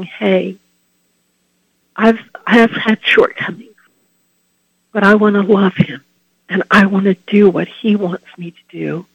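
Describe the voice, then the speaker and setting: Earnest male preacher, unhurried delivery, heartfelt devotional talk with soft trailing endings, dull lo-fi sound. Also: sits high, creaky, breathy edge, no room sound. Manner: earnest and heartfelt, trailing off softly at phrase ends. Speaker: Catholic preacher giving a Lenten reflection.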